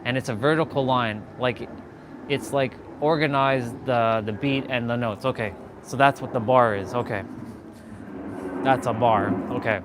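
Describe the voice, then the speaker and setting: A man's voice: medium pitch, moderate pace, background noise. A young man in casual chat while working out, joking and swearing loosely, repeating himself, a bit winded between sets. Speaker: fitness vlogger.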